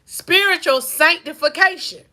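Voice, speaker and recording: A woman's voice: extremely high pitch, measured pace, pushed and bright. A woman with a Southern US accent, a faith-based life coach giving a preaching-style motivational talk, driving her points home with rhythmic repetition and call-outs to her listeners.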